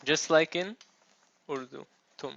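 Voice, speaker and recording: A man's voice: fairly high pitch, takes it slowly, creaky, fairly bright tone, no echo. Man teaching a class, dull dry recording. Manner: explains step by step, checks with "okay?" and "right?". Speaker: Arabic teacher. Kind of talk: classroom lecture.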